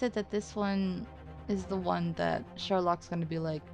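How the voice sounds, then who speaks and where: A woman commenting on a game she is playing at home, ranting with animated repeats and frequent laughter. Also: on the low side, a little slow, muffled recording, soft background music. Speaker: let's play commentator.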